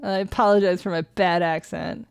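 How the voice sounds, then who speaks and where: A woman's voice: fairly low pitch, steady tone, moderate pace, gravelly, a little mellow, clear, resonant tone, no echo. A woman streaming a game, reading jokes and emails aloud with frequent giggles and playful voices. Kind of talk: casual let's play commentary, reading in-game emails aloud.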